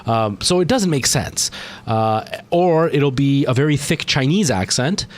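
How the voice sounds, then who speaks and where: A man from Canada livestreams a game, talking unhurriedly with lively intonation at a medium pitch. He sounds tired and chats casually and rambles to his viewers while he plays.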